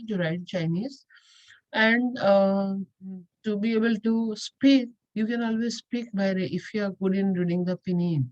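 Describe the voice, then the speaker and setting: A woman's voice: mid-range voice, darkish tone, highs cut off. A woman teaching a language lesson, explaining step by step and repeating key points. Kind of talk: explanatory lecture.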